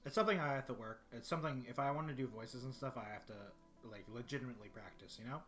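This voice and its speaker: A man with a deep voice chatting casually on a livestream, rambling and often clearing his throat. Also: fast, a bit bright, faint music behind. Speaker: streamer. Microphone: desktop microphone.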